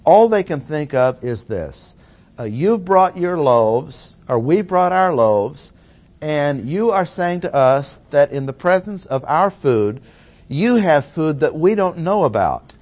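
A man's voice: a little high, very animated, slow pace, a little mellow. A man teaching through a Bible passage verse by verse, stressing key words with plain-spoken asides. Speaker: preacher.

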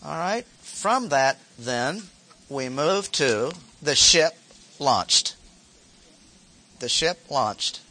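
A man's voice: fairly high pitch, lively intonation, drawn-out words, pauses often, pushed and bright. A man teaching a Bible lesson, reading verses aloud and stopping to explain them with short asides and repeated key phrases. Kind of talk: expository Bible lecture.

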